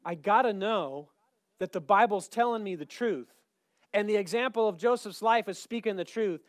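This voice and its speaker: A man's voice: sits high, moderate pace, dry recording, clean studio sound. A male pastor preaching a sermon, emphatic and repeating scripture lines with rising intensity. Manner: emphatic, repeats scripture, builds to loud calls.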